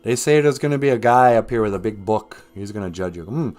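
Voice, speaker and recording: A man's voice: fairly low pitch, expressive, fast talker, darkish tone, faint music behind. A man hosting a rambling comedic livestream, joking with his chat and laughing at his own jokes. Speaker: livestream host.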